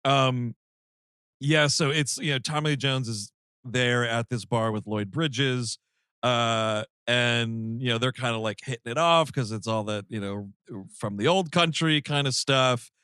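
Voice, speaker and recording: A man's voice: medium pitch, unhurried, bright, forceful tone, smooth, dry recording, clean studio sound. A man co-hosting a comedy podcast, in casual chat, ranting in mock outrage and swearing freely. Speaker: podcast co-host.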